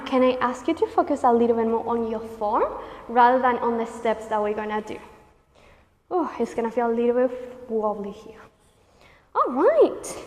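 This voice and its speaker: A high-voiced woman coaches a pilates class, cheering listeners on and counting down reps. She is out of breath from working out alongside them, and her voice rings with a long reverb. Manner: encouraging, counts reps, panting and laughing between cues. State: out of breath, sweaty. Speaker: pilates instructor. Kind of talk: guided workout instruction.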